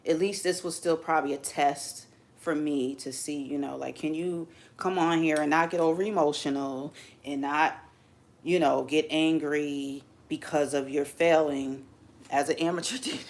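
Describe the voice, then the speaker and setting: Gravelly-voiced woman chatting on a livestream. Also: low voice. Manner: candid, rambling, openly emotional. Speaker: livestream host. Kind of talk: casual livestream chat. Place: home streaming setup under bright lights.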